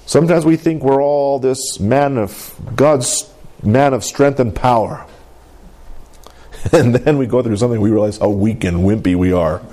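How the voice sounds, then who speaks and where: A man preaching a sermon in an animated call-and-response manner, often asking for an amen and laughing. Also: mid-range voice, moderate pace. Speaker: pastor.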